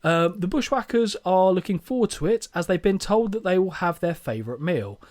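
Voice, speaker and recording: A man's voice: high voice, expressive, fairly quick, darkish tone, no echo, clean studio sound. A man hosting a podcast, recapping with wry, sarcastic jokes. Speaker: podcast host. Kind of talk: comedic recap podcast chat.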